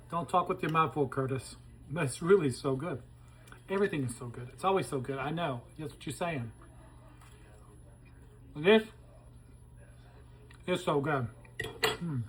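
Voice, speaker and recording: A man's voice: a little high, a little slow, long pauses, a bit bright, slight background noise, poor audio. A man hosting a casual cooking demonstration in his kitchen, chatty and folksy, talking to viewers as he tastes the food. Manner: chatty and folksy, talks to viewers while tasting. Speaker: cooking show host.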